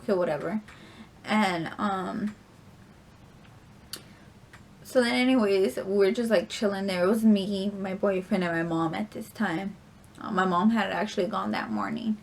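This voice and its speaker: A woman's voice: medium pitch, a little hiss or hum. A young woman vlogger telling a story in a casual, rambling way, full of filler words and casual swearing.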